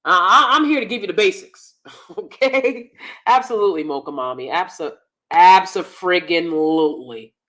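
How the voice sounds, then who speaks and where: A woman's voice: lowish voice, lively intonation, normal speed, fairly bright tone. A woman hosting a casual livestream chat, reading viewer comments and giving emphatic, opinionated advice with lots of repetition. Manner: emphatic, opinionated, repeats herself for stress. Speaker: host.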